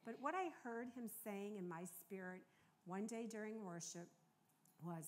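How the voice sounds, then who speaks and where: A woman's voice: mid-range voice, normal speed. An older American woman preaching a sermon in a conversational, earnest way, often checking in with the congregation. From United States.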